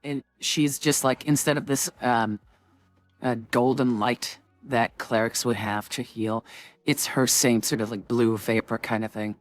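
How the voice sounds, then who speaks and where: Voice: medium pitch, fairly even intonation, measured pace, no room sound, soft background music. A game master narrating a tabletop game in a rambling way, with many fillers.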